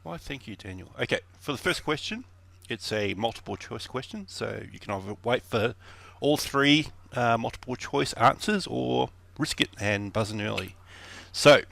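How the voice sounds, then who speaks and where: A man's voice: medium pitch, vocal fry, a bit bright. A man guesting on a podcast as quizmaster, reading trivia questions with a dry, wry manner.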